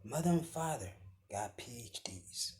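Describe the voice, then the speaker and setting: A man giving a motivational speech with a preaching cadence, often dropping his voice to a hushed whisper for emphasis. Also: mid-range voice, lively intonation, a little slow. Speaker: motivational speaker.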